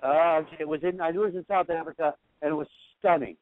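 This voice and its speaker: A man's voice: fairly high pitch, fairly even intonation, quick pace. A man interviewing a guest in casual chat, hesitant and repeating words as he talks. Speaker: radio interviewer. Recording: tinny phone line.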